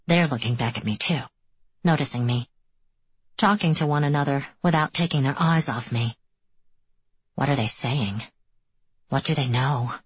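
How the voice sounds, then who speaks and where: A woman narrating an audiobook in the first person, with measured, immersive reading. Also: a bass voice, breathy edge, lo-fi sound.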